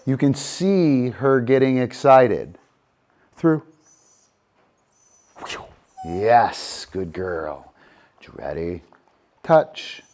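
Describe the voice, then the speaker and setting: During a live dog-training lesson, a middle-aged man softly praises the dogs, then explains each game in a steady, unhurried manner. His mid-range voice drifts closer to and farther from the mic, with slight background noise.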